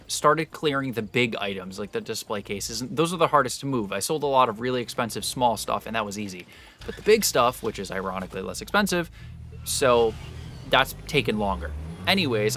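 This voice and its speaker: A young adult man streaming live, telling a rambling story to his chat with animated, loose energy and casual swearing. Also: medium pitch.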